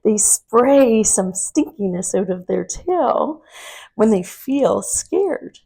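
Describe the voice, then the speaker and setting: A woman teaching children's yoga through a story, gentle and asking the kids questions as she guides the poses. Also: fairly high pitch, animated, slow pace, vocal fry.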